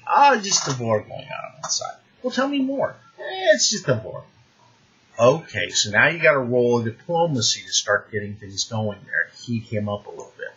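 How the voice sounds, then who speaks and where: Very husky, animated male game master. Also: mid-range voice. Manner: animated, conversational, many restarts. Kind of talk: advice talk to the camera. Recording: dull lo-fi recording.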